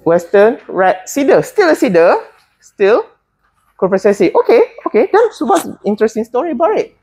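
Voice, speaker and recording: A woman's voice: fairly high pitch, very animated, moderate pace, darkish tone, slightly rough. A woman teaching a botany class, often hesitating and putting questions to her students. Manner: hesitant, many fillers and restarts, asks students questions.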